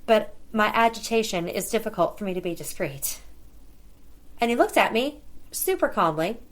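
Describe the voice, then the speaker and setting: A woman's voice: mid-range voice, expressive, normal speed. A middle-aged woman hosting a podcast, telling a personal story in a conversational way and bringing the dialogue to life as she retells it. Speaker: podcast host.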